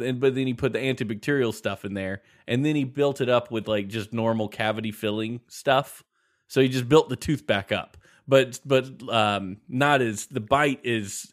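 A man's voice: mid-range voice, a bit bright. A man telling a long story in casual podcast chat, rambling and laughing as he goes. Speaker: podcast host.

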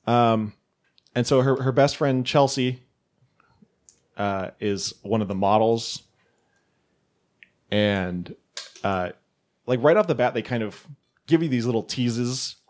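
A man's voice: mid-range voice, slow, pauses often. A man on a casual podcast recapping a film plot, rambling with lots of fillers. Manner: rambling, filler-heavy, laughs often.

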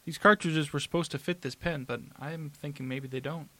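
A man chatting casually with the hosts, easygoing and quick to laugh. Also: on the high side, steady tone, bright, forceful tone, dry recording. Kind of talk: casual chat.

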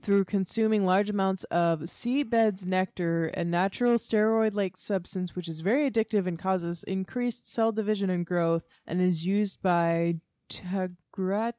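A woman co-hosting a casual podcast, explaining researched facts haltingly with many "um"s. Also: medium pitch, warm tone, no echo, highs cut off. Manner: hesitant, reads facts with many "um"s. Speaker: podcast co-host. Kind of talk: casual chat.

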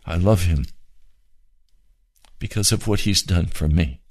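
A man preaching a sermon, fervent and pleading, with slow drawn-out emphasis. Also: deep voice, dry recording.

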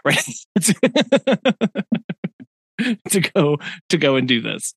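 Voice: medium pitch, big pitch swings, very slow, vocal fry, breathy edge, no room sound, studio quality. A podcast co-host chatting casually, laughing often and stammering on restarts. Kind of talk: casual chat.

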